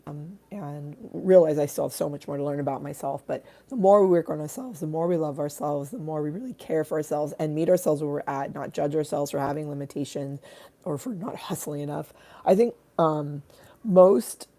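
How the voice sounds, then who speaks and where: Hoarse, raspy woman, low and gravelly, dark tone; rambling casual livestream host. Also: moderate pace. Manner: rambling, many fillers and restarts. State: hoarse from screaming. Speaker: artist hosting a livestream.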